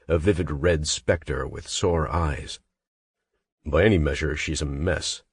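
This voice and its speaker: A man's voice: rumbling low, breathy edge, no echo, studio quality. A man narrating a romance audiobook in the first person, with an intense, clipped, brooding delivery.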